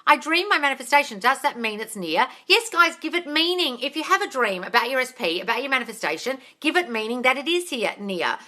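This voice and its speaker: An Australian woman coaches viewers on a casual live stream, reading their questions in a lively voice and answering bluntly, swearing freely and calling them darling. Her voice sits high, and she talks fairly quickly with few pauses.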